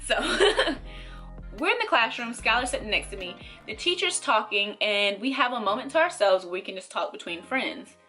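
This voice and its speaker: A young woman vlogger telling a storytime to camera in a casual, animated way, acting out the voices of the people in it. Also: a little high, a little fast, few pauses, soft background music. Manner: animated, acts out quoted voices, laughs between lines. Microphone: camera mic.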